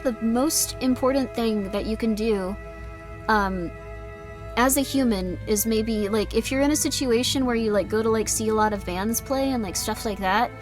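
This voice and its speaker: A woman streamer chatting casually on a livestream, rambling and reading chat messages aloud. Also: medium pitch.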